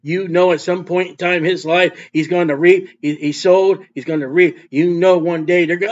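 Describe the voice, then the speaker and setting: A man's voice: high voice, normal speed, few pauses, muffled recording. A man preaching a fervent sermon as a street preacher. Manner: fervent, mocking laughter when imitating scoffers.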